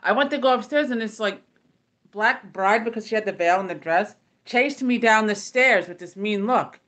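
A woman's voice: mid-range voice, moderate pace, fairly bright tone. Rambling woman telling a story. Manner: rambling, stumbling over words, swears freely. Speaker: ASMR creator. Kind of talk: casual storytelling.

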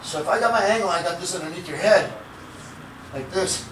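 A man with a high voice teaches a jiu-jitsu seminar in a casual, profane way. He acts out each move with sound effects. The camera catches him from far off in an echoey room with steady noise underneath. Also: brisk.

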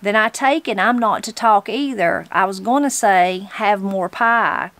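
A woman's voice: mid-range voice, measured pace, a bit bright, no room sound. A woman with a Southern Appalachian accent voicing a spry, tart elderly mountain granny, reading aloud from a storybook. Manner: tart, homespun mountain speech.

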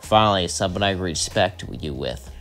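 A man's voice: sits low, expressive, moderate pace, a bit bright, faint music behind, voice pushed down. A man voicing a stern, grim father king in a fan story.

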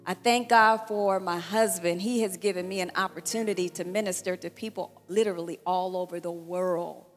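A woman's voice: lowish voice, fairly even intonation, normal speed. A woman in her sixties, a pastor, giving a thank-you speech at her church celebration and telling a funny story, acting out the dialogue. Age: 60s. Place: church hall event. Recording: long-reverb hall with music behind.

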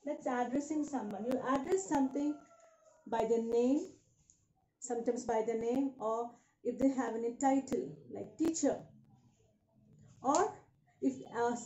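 Slow, patient woman English teacher. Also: fairly high pitch, dark tone, a little hiss or hum. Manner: slow, patient explaining of word meanings. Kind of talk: livestreamed reading lesson. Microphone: phone. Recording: echoey room.

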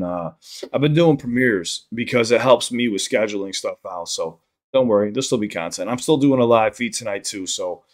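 A young man from Chicago with a Chicago accent, chatting casually on a livestream while high, rambling and swearing often. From South Side of Chicago. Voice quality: rambling, profane, repeats himself. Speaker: streamer.

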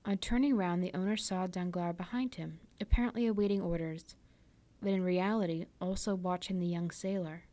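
A woman reading a classic novel aloud for a library storytime, softly and often near a whisper. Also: on the low side, steady tone, normal speed.

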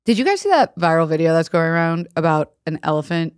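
Expressive teasing woman on a podcast. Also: deep voice, clean tone, no echo, clean studio sound. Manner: teasing, expressive, quick asides. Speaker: podcast co-host. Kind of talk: casual comedic chat.

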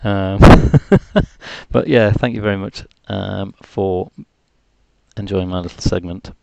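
Mild Geordie man hosting a live stream, low gravelly voice, dry close sound, joking and filling time. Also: fairly even intonation, slow pace, darkish tone, dry recording, muffled recording. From North East England. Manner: jokey, chatty, self-deprecating rambling. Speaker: livestream host. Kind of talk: rambling live-stream chat.

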